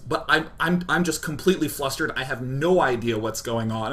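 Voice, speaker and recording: Young guy from kansas spinning a funny story, kinda high voice, bright and sharp, lots of "like". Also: fairly quick, few pauses. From Kansas, United States. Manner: animated, self-deprecating, full of "like" asides. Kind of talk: comedic personal storytelling.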